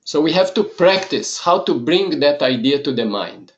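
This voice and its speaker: A man who is a monk teaching a yoga course lesson, explaining ideas calmly in short measured phrases. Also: fairly high pitch, dull audio.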